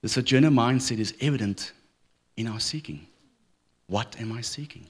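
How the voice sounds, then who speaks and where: Medium-pitched with a breathy edge, this middle-aged pastor speaks at a moderate pace in church. His sermon is lively, built on humorous storytelling.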